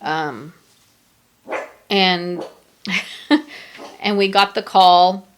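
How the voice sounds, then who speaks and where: A middle-aged woman hosting a podcast, telling a personal story in a halting, emotional way with many pauses and fillers. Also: on the low side, a little hiss or hum. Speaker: podcast host.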